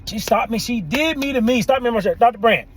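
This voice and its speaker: A man, a therapist and podcast host, telling a story in an animated way, often laughing and quoting people. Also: extremely high pitch, fast, husky, low-quality recording. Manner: animated, laughs often, quotes people in their own voices. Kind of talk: storytelling monologue.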